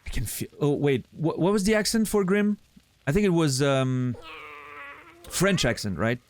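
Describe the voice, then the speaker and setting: A man streaming a game, chatting casually in an excitable, laughing, self-deprecating way. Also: fairly high pitch, normal speed. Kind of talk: casual gameplay chat.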